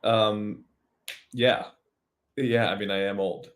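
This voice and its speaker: Rambling young man, low voice. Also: slow. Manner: relaxed, rambling, chatty. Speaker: former host, guest. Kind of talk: casual chat.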